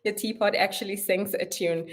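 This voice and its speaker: A young woman with a South African accent chatting casually to camera at home in an animated, playful way. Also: medium pitch, moderate pace. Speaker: vlogger. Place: her home.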